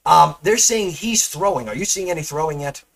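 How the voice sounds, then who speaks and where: A man's voice: a little high, animated, brisk, gravelly, a bit bright. A man hosting a casual gameplay review, chatty and explaining as he goes. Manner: chatty, explains with stops and restarts. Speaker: host, game reviewer.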